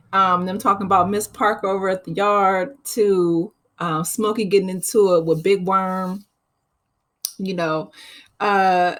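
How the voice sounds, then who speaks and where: A woman's voice: mid-range voice, fairly bright tone. A woman hosting her channel, chatting casually through a movie recap and laughing often. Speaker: channel host.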